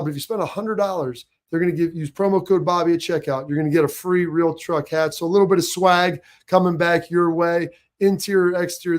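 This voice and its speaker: A man hosting a sports talk show, chatting casually and reading sponsor spots in an upbeat way. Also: fairly high pitch.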